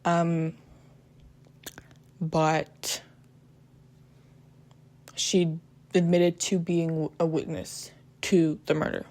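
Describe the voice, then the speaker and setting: Extremely slow and full of pauses, this woman's low-pitched voice has a flat delivery with a slightly mellow quality. She tells a true crime story in a casual, hesitant way, restarting often, saying "um," and dropping blunt, profane remarks.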